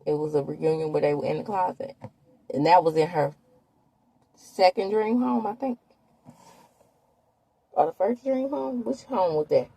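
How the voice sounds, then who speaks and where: Husky lady from dishing on a reality show, mellow dry sound. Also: lowish voice, a little slow, long pauses, dry recording. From Mississippi, USA. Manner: chatty, gossipy, talks straight to viewers. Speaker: host. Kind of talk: casual reality-TV recap commentary.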